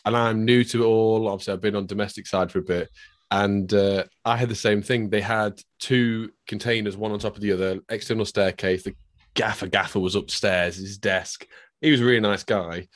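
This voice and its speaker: A man in casual chat, telling an anecdote in an unhurried way. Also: lowish voice, steady tone.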